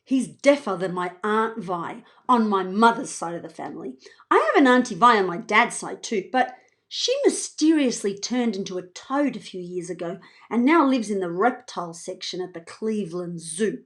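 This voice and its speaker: A woman author reading her children's book aloud in an expressive, playful voice. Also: medium pitch, moderate pace. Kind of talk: children's storybook read-aloud.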